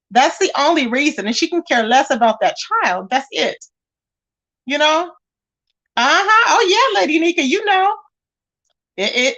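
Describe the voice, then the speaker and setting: High-voiced woman gossiping on a livestream. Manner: animated, dramatic, acts out quotes. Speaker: livestream host reading chat. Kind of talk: casual gossip livestream chat.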